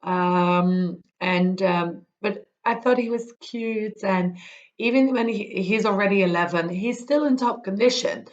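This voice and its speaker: A woman's voice: mid-range voice, measured pace, dull audio. A young woman, chatting casually on her knitting podcast, rambling with many ums and restarts. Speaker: podcast host.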